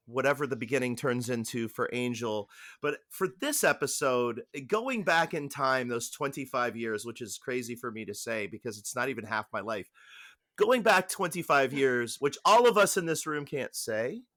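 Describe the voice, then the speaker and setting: An enthusiastic man hosting a casual podcast, his voice bright and forward. He rambles a little and restarts his sentences as he chats. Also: medium pitch, dry recording, clean studio sound. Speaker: podcast host.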